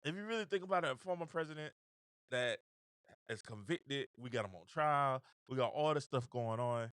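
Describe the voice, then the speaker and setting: A man's voice: medium pitch, lively intonation, normal speed, fairly bright tone, clean tone, no room sound, studio quality. A man hosting a show, talking casually and animatedly about the news with slang, repeated phrases and frequent laughter. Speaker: show host. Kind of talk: casual political commentary.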